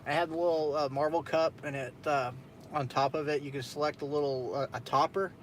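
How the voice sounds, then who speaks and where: A man's voice: a little high, steady tone, fairly quick, slight background noise. A young man hosting a casual late-night stream, telling a story in a loose, profane way with frequent laughs. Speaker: streamer host.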